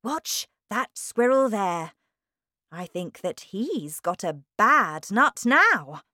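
Eccentric chocolate-maker man, done by a woman reader: brisk, bossy, bright. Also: medium pitch, big pitch swings, no room sound, studio quality, pitched above the performer's own voice, heavily acted. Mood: explaining.

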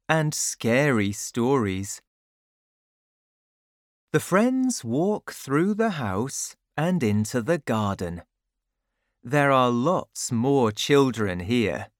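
A woman reading a children's storybook aloud in a slow, clear, carefully paced narration. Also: very deep voice, no room sound, studio quality.

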